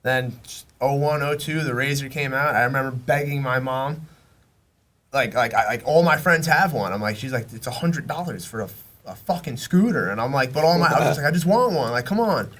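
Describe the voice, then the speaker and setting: A young man tells a long story at a relaxed, casual pitch, loose and slangy. He swears freely and slips into the voices of friends he quotes. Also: fairly quick. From Long Island, New York. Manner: rambling, slangy, profane, acts out quoted friends. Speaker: podcast guest.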